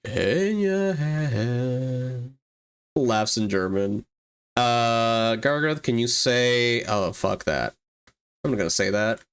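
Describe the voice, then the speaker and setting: A streamer chatting casually on a live broadcast, talking at an unhurried, drawn-out pace. Gets excited easily, laughing, cursing and leaping up in pitch mid-sentence. Speaks straight into a desk mic. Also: clean tone. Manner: excitable, swears, laughs often, big jumps in pitch. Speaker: livestreamer and 3D artist. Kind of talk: casual livestream chat.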